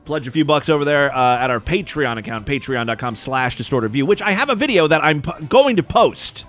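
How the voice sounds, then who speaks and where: A man's voice: on the high side, expressive, a little fast, a bit bright, faint music behind. A man hosting a crude comedy podcast, talking in an irreverent, rambling, sarcastic way. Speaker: podcast host. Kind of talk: crude comedic news and voicemail show.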